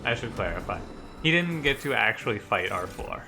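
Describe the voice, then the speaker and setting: A young man streaming a card game, giving casual commentary in a rambling, chatty way full of quick self-corrections. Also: fairly low pitch, sing-song, pushed and bright. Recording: game music playing behind the voice.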